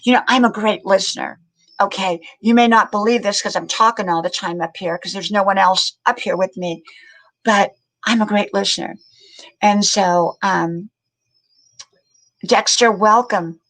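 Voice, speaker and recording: A woman's voice: mid-range voice, steady tone, measured pace, fairly bright tone, poor audio. An older woman hosting a casual live stream, chatting on and greeting viewers by name, often repeating her words. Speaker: livestream host.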